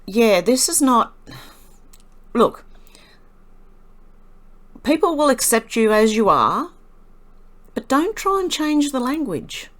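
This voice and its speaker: Lively, wry woman host. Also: sits high, takes it slowly, long pauses. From Australia. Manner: chatty, wry and condescending. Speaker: commentary channel host. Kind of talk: reaction commentary.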